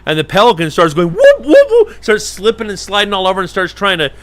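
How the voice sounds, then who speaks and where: A middle-aged man spins a yarn for viewers, his fairly high voice jumping about as he plays every part himself. He talks casually and with plenty of animation. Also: fast, a bit bright, dry recording. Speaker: falconer hosting a live stream. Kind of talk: casual storytelling.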